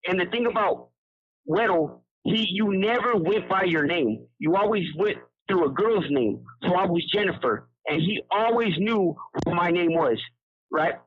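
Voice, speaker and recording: Over a tinny prison phone line, an incarcerated man tells a story in a casual, rambling way, using street slang and restarting often. His voice sits high and sounds animated with a breathy edge, at a measured pace.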